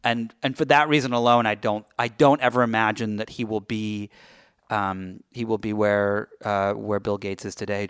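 A man hosting a podcast, chatting casually and joking at his own expense, often trailing off softly at the end of a thought. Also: fairly low pitch, clean tone, no echo, clean studio sound. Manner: chatty, self-deprecating, trails off softly at ends. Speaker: podcast host.

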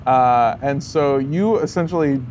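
A man's voice: mid-range voice, unhurried, darkish tone, a little hiss or hum. A man narrating a tabletop game as game master, loose and laughing, with many fillers.

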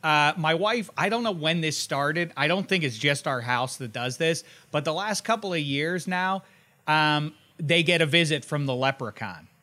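A man's voice: on the high side, lively intonation, moderate pace, pushed and bright. A man in his forties, a podcast co-host, chatting casually with bemused, joking complaints. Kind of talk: casual chat.

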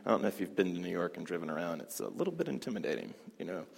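A man teaching a hoop dance class, chatty and animated, telling stories and laughing often. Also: low-pitched, very fast, vocal fry, breathy edge. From Southern United States. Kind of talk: class talk with storytelling. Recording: long hall reverb.

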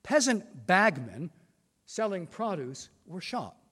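Older male lecturer, high lively voice, reverberant lecture hall. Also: husky. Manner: measured, reads quotations with emphasis. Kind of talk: formal prepared lecture.

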